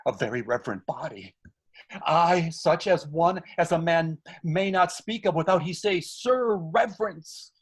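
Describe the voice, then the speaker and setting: A man's voice: fairly high pitch, a little slow, slightly rough. An actor reading a frantic comic male servant in a live online Shakespeare scene, talking over a video call. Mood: mocking. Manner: excitable, wildly swooping delivery.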